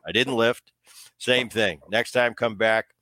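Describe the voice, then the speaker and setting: A man's voice: on the low side, takes it slowly, dry recording. Middle-aged guy spinning old stories on a podcast, acts out the voices, dead dry close mic. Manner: animated storyteller acting out quoted dialogue. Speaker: podcast co-host, former ballplayer. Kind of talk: casual storytelling chat.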